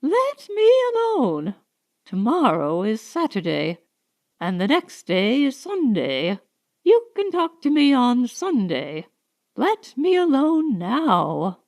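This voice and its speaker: A stern, weary older mother-in-law speaks in a raised, strained voice, as a woman reading a storybook puts her on. Her pitch leaps high and swings widely, and she drags her words out slowly. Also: wildly swooping pitch, a little mellow, heavily acted. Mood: pleading.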